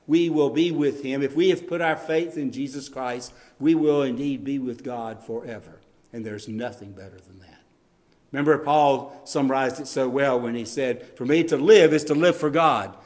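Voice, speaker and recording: A man with a darkish tone preaches as a pastor, earnest throughout. Scripture readings bring his voice up, while key lines are stressed by dropping low, and there are occasional ums and false starts.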